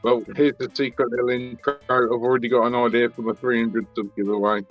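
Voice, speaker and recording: Male co-host, casual banter, quick to laugh, muffled stream audio. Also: mid-range voice, flat delivery, faint music behind. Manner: laughs easily, teasing. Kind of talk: casual chat on a live stream. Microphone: remote guest link.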